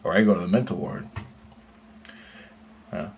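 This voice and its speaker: With a lowish voice, a slow pace and long pauses, a vlogger describes a dream he had. The monologue is profane, agitated and rambling, punctuated by conversational check-ins of "right?".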